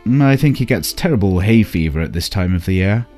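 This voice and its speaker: A man's voice: deep voice, animated, brisk, warm tone, faint music behind. A man playing a sly, greedy tomcat. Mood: breezy.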